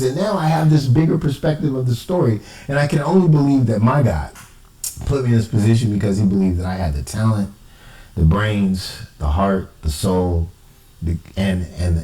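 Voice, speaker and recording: A man's voice: fairly low pitch, mellow, roomy sound, far from the mic, rough recording. A man, an amateur cipher investigator, talking in an emphatic, indignant personal monologue. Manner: emphatic, indignant, quotes others in exaggerated voices.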